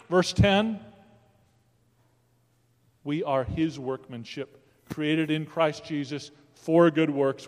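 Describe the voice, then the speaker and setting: A man's voice: a little high, a little mellow. Emphatic preaching man in an echoing hall. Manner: emphatic preaching with rising calls of "Amen?". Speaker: pastor. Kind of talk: sermon. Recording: long hall reverb.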